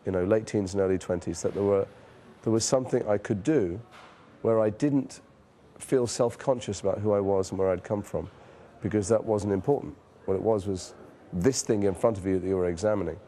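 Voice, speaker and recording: An actor in his forties from northern England, speaking with a northern English accent, shares reflective anecdotes in an interview. His stories are frank and self-deprecating with casual swearing, told in a lowish, warm voice at a fairly quick pace.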